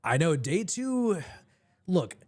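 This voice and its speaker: A man hosts a live reaction stream in a loose, rambling way, often stopping and restarting his sentences. His voice sits a little high and sounds a touch hoarse. The sound is dry and close, with no room around it. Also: very animated, slow, no echo. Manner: casual, rambling, lots of restarts. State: slightly hoarse.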